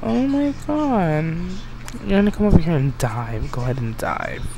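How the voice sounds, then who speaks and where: A man giving excitable, chatty let's play commentary, bossing his game characters around. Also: fairly high pitch, normal speed, creaky. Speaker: game streamer. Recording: noisy home recording.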